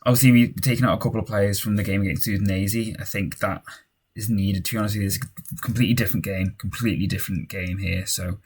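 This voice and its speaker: A young man casually commentating on his own football management game, cheering and shouting at goals and muttering in tense moments. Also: on the low side, fairly even intonation, fast, husky.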